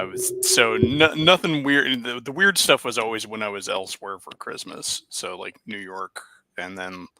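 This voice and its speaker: A man's voice: on the low side, sharp tone. A man from the Pacific Northwest chatting casually with a dry, offhand manner. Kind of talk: casual chat.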